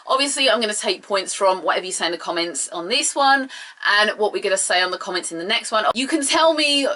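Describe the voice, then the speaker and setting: A woman's voice: mid-range voice, animated, fast talker, bright, forceful tone. A young woman, chatting casually and with strong opinions as she reviews a show for her viewers. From England. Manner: chatty, opinionated, rambling asides. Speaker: video reviewer.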